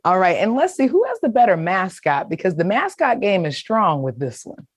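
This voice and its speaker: A woman's voice: medium pitch, very animated, dry recording, studio quality. A woman hosting an interview, asking playful questions in an upbeat way. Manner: upbeat, playful, quick to laugh. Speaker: host, interviewer.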